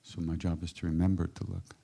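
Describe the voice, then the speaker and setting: An older man from the United States tells spiritual stories to an audience. His voice is very low, gravelly and mellow, and he moves between a relaxed drift and sudden emphatic bursts. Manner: unhurried, warm-hearted anecdotes with emphatic bursts. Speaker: spiritual teacher answering audience questions. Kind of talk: reflective storytelling.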